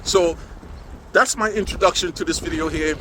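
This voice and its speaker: On the high side and moderately paced, his voice carries over wind and passing cars as he records a loose, sarcastic vlog. The vlogger drifts between windy streets and driving around town, frequently tossing in "man."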